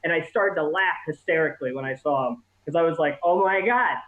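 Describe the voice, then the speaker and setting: A man's voice: a little high, fast talker, reverberant, phone-quality sound. A man in his thirties doing a self-deprecating, profane stand-up set from home over a video call, rambling and laughing at his own jokes. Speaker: stand-up comic. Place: home during quarantine.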